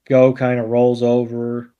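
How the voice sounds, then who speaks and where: Laid-back man recapping slowly. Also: medium pitch, monotone, smooth, muffled recording. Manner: laid-back, lots of ums and you-knows. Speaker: podcast co-host. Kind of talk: casual episode recap.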